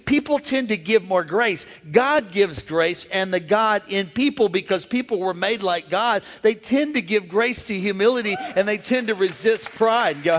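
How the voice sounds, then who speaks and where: Animated high-voiced preacher in an echoing hall. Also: male voice, moderate pace, some chatter behind. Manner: animated, call-and-response, acts out voices. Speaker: pastor. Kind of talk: sermon. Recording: echoey hall.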